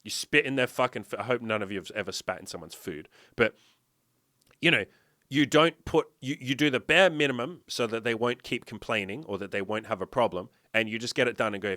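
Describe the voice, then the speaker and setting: A man's voice: medium pitch, animated, brisk, sharp tone, no echo, studio quality. A man coaching his viewers on fitness and dating in a blunt, profane, emphatic way, often asking them rhetorical questions. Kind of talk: direct-to-camera motivational talk.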